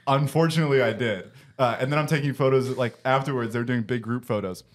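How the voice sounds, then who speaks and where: Talking fast in a mid-range voice, a young podcast host chats casually from his basement at home. He's telling a story, laughing a lot and swearing frequently along the way.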